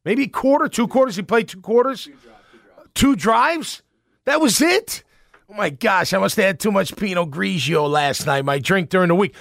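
A man's voice: sits high, fairly bright tone, no room sound, studio quality. A man hosting a sports talk show, giving fired-up, emphatic, rambling opinions.

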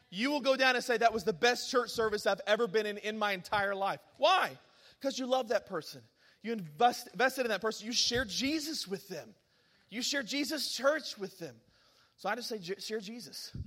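Animated preacher in a reverberant hall. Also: male voice, sits high. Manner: animated storyteller, bursts of excitement and laughter. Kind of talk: sermon with personal story.

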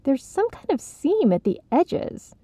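A woman's voice: fairly high pitch, animated, normal speed, gravelly, dry recording. A woman voicing a bossy young woman. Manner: sharp, commanding. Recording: slightly dull, dry recording.

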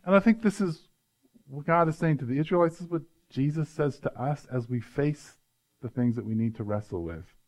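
A man's voice: on the high side, expressive, fairly quick, darkish tone. A male pastor giving an earnest, conversational sermon, often adding "right?" to his points.

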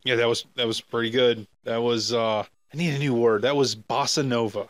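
A man's voice: medium pitch, steady tone, brisk, a bit bright, no echo. A man co-hosting a podcast, talking casually about a film in a rambling, jokey way full of fillers and restarts. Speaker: podcast co-host. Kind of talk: casual movie discussion.

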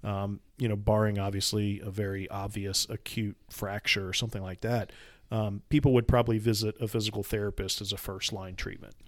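A man's voice: lowish voice, level tone, brisk, no echo. Chatty podcast guy in his 40s, explains stuff with lots of ums, dry no-room sound. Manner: explanatory, chatty with filler words. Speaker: podcast host. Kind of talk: casual chat.

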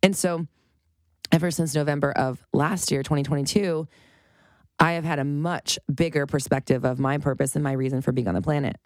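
A woman's voice: low voice, steady tone, brisk, no echo, clean studio sound. A woman around forty gives an unscripted motivational monologue as a life coach, emphatic and profane, often breaking into laughter.

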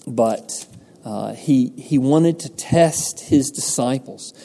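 A pastor with a mellow, warm, gravelly mid-range voice delivers a sermon at an unhurried pace. He preaches earnestly, posing rhetorical questions to his listeners and answering them himself, while the long reverb of a large hall surrounds his words.

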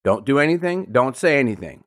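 Calm man giving puppy-training tips. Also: mid-range voice, brisk. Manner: calm, repetitive step-by-step instructions. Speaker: podcast host and puppy trainer. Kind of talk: instructional podcast talk.

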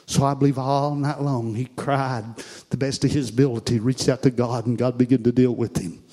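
A man's voice: mid-range voice, level tone, normal speed, warm tone. A man preaching a sermon, telling the story dramatically and repeating fervent exclamations.

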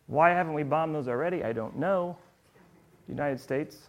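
A man preaching a sermon in an animated way, throwing rhetorical questions at his listeners. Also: on the high side, moderate pace.

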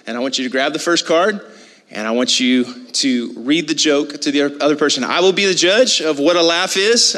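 High, bright-voiced man hyping a crowd. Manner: loud, excited, shouting to a crowd. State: out of breath. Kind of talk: energetic stage hosting. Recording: echoey hall with faint music.

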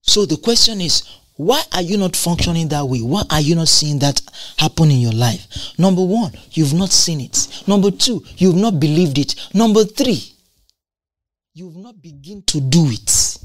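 A woman's voice: low-pitched, animated, normal speed, dry recording. A woman preaching a sermon, emphatic and repetitive, asking rhetorical questions and laughing between points.

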